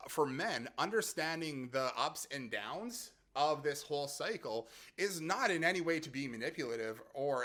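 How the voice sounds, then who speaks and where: Man, bright forceful voice, chatty, laughs often, casual explainer, repeats phrases. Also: a little high. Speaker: app creator and host.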